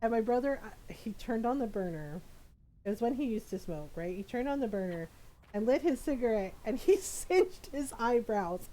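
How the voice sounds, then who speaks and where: A woman's voice: fairly high pitch, rough recording. A woman streamer in casual chat, telling a story with frequent laughter. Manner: animated storytelling, laughs often.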